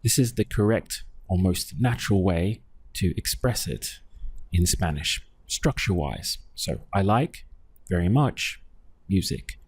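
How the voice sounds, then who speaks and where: A man with a fairly low voice leads a language lesson at a very unhurried pace, pausing to quiz the listener. The sound is dry and close, with no room echo. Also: lively intonation, slightly rough. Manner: patient, quizzing the listener and modeling words slowly. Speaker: Spanish teacher. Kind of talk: slow, deliberate language lesson.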